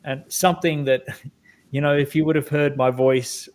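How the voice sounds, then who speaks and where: A man's voice: fairly high pitch, level tone, normal speed, darkish tone. A middle-aged man with a mild, neutralized Australian accent, talking reflectively as an interview guest and often restarting his sentences. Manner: reflective, hesitant, many restarts. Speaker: guest, guided meditation creator. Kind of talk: casual conversation.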